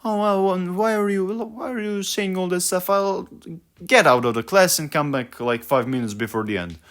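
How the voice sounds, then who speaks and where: A woman's voice: on the low side, normal speed, voice pushed up, natural voice. A young man mimicking a scolding woman professor. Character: dismissive female university professor.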